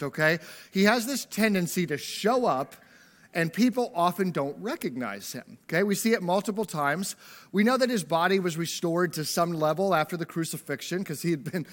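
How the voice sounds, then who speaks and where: A man's voice: fairly high pitch, fairly bright tone. Casual, joking man preaching a sermon. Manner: casual, joking, tags lines with "right?". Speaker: pastor. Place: church service before a congregation.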